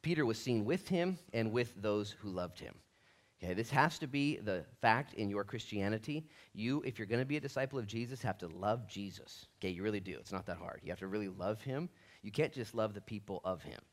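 Animated low-voiced male pastor preaching. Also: a little fast. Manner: animated preaching, acts out voices of people in the story. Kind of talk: sermon.

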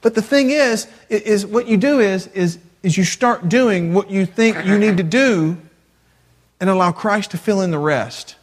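Youth pastor, man, preaching in a slightly high voice with rhetorical questions, repeats lines for stress. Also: unhurried. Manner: repeats phrases, asks the audience rhetorical questions. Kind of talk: sermon.

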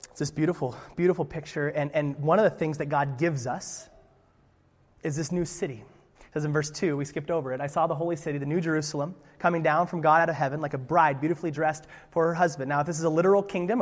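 Lively high-voiced preaching man. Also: big-room sound. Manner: lively, conversational preaching with playful asides. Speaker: pastor. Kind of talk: sermon.

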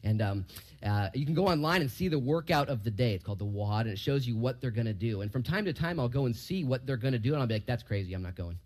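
A man preaches a relaxed verse-by-verse sermon to a gathered congregation. His voice sits at an ordinary middle pitch. He keeps asking the room questions and swings from loud, rising emphasis to quiet, low asides. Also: fast talker. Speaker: pastor.

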